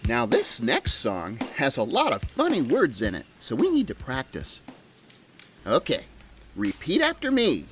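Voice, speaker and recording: A woman's voice: extremely low pitch, huge pitch swings, measured pace, full character voice. A woman voicing a cheerful female talking Christmas tree who leads a crowd, with a bubbly, giggly, sing-song manner, over jingle bell music. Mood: playful. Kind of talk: children's show character voice.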